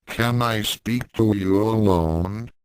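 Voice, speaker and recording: A man's voice: lowish voice, slow pace, smooth, no echo. A man reading as a timid teenage boy. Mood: urgent.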